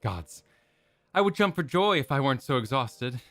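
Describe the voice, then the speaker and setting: A man voicing a weary young woman mage in a quiet, tired reading. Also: mid-range voice, very animated, moderate pace, dry recording, faint music behind, voice pushed up.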